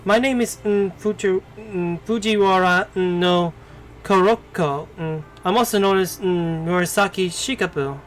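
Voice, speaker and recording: A polite, careful court lady guiding visitors, read aloud by a man. The voice sits high and moves at an unhurried pace, with small hums between phrases over faint music. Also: rough recording. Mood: courteous. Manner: reads slowly with frequent hums. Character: polite, cautious female court lady guide.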